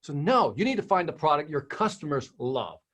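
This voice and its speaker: Emphatic husky-voiced man. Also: on the high side, sing-song, brisk, a bit bright. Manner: emphatic, rhetorical questions, repeats phrases. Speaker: sales trainer guest. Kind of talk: interview conversation.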